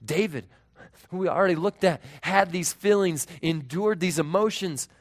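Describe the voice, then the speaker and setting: A man in his thirties preaching a sermon as pastor, earnest, moving between raised emphasis and hushed, tender tones. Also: high voice, moderate pace.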